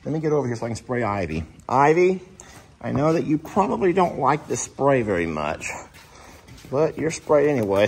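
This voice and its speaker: A man's voice: medium pitch, very animated, moderate pace, gravelly. A man talking through a casual farm vlog outdoors, chatting with his animals. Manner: chatty, talks softly to the animals. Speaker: farm vlogger.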